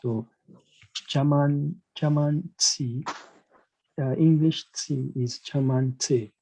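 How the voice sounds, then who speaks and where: Slow, hesitant male language teacher. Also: on the high side, fairly even intonation, mellow, slight background noise, low-quality recording. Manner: hesitant, many fillers and "you know"; asks learners questions, encouraging. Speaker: German teacher. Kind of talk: online language lesson.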